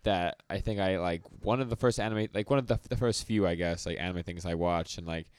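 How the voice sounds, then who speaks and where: A man co-hosting a podcast in casual chat, halting and filling nearly every phrase with "like". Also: low-pitched, clean tone. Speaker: podcast co-host.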